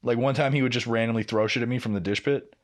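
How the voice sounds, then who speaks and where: Talking fast at a medium pitch, this young man co-hosts a podcast and recounts a work story. He's a profane, animated storyteller who swears heavily and performs the quotes of the people involved.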